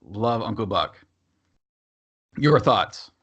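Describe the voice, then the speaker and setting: A man's voice: on the low side, lively intonation, drawn-out words, a bit bright, husky. A man co-hosting a podcast, chatting casually about movies and rambling through fillers and restarts. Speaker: podcast co-host. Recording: dull lo-fi sound.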